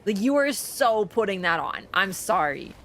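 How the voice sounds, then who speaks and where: A woman streamer chatting casually while she plays, rambling with lots of fillers and quick laughs. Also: medium pitch, very animated, a bit bright, a little hiss or hum. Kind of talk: casual live-stream chat while gaming.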